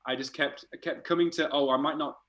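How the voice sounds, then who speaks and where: A man, an art director, casually telling animated stories in a podcast chat, laughing and swearing as he goes. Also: on the high side, fast, poor audio.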